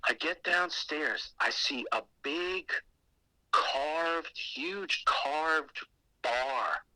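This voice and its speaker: A man telling a creepy personal story on a podcast in a casual, animated way, swearing often. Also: a little high, very slow, no echo, poor audio. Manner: animated and heavily profane, with acted asides. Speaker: guest telling a ghost story.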